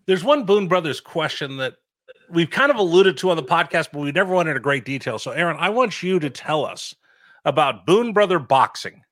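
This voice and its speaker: A man's voice: fairly high pitch, lively intonation, brisk, a bit bright, dry recording, studio quality. A man hosting a podcast, asking easygoing questions. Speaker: podcast host. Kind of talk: casual interview questions.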